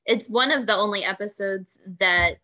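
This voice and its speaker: Woman, podcast co-host, bright tense tone, agreeable casual talk. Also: mid-range voice, moderate pace. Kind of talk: casual chat.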